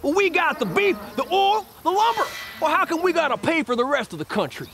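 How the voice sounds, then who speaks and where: A man's voice: extremely high pitch, very animated, fairly quick, pitched above the performer's own voice, full character voice. A man playing a grumbling male rancher with a Texas accent and a folksy, complaining way of talking.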